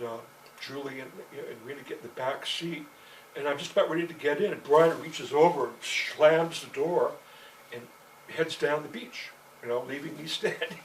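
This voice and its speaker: Man, mid-pitched, meandering profane storyteller full of fillers; recorded from afar with light background noise. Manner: meandering, profane, constant "you know" fillers. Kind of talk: rambling personal storytelling monologue. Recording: distant mic with faint background noise.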